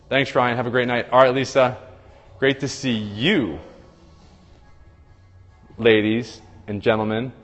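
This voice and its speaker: Man, casual livestream host, chatty, phone mic, long reverb. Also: medium pitch. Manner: chatty, reads viewer comments aloud and greets viewers by name. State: tired after a long day.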